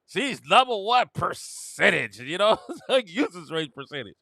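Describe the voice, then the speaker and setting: A man hosting a sports talk show, chatting casually, laughing often and breaking into high, mocking quotes. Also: very animated, a little slow, gravelly, pushed and bright, no room sound, clean studio sound. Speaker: podcast host. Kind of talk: casual sports commentary monologue.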